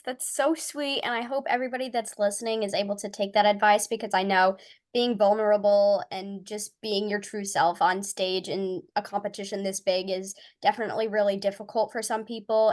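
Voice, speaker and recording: A teenage girl from Connecticut hosting a casual podcast interview, talking in a gushing, effusive and upbeat way. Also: medium pitch. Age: teens. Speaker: podcast host.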